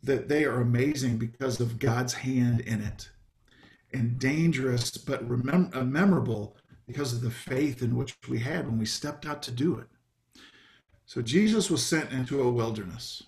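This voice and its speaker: A man's voice: medium pitch, normal speed, a little mellow. Man preaching a casual sermon. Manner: conversational, with many ums and asides. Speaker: pastor. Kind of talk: sermon over a video call. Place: home, video call.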